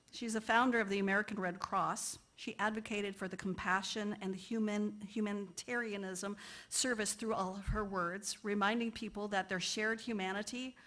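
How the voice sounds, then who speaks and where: A woman's voice: mid-range voice, a bit bright. A woman poet giving an earnest talk in a church, now and then stumbling over words. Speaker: lay speaker and poet.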